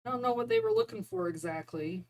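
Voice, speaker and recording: A woman's voice: on the high side, huge pitch swings, fast talker, darkish tone, rough recording. Chatty woman rambling about cats. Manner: chatty and rambling, laughs often. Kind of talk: casual chat about neighborhood cats.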